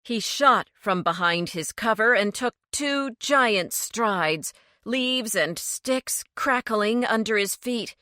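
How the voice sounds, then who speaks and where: A woman narrating a cozy mystery audiobook in a steady, measured storytelling manner. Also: a little high, no room sound, clean studio sound. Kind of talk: scripted narration.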